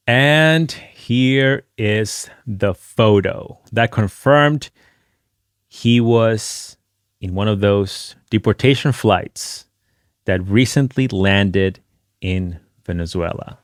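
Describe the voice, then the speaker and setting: A man's voice: medium pitch, fairly bright tone. A man narrating over social media clips in a mocking, indignant tone as a channel host.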